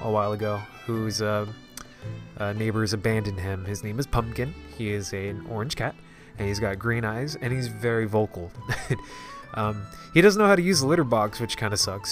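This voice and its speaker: Guy w a stuffy nose doing his podcast solo, kinda low voice, stumbles and restarts a lot, faint music behind. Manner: halting, many fillers and restarts. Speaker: podcast host. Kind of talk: casual solo podcast talk.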